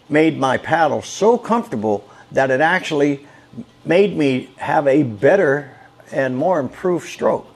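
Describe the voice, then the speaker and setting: A man with a slightly higher voice records his own casual product review outdoors, first out on a lake and later on a patio. He is folksy and enthusiastic, and he repeats his points for emphasis. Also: gravelly. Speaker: kayak gear reviewer.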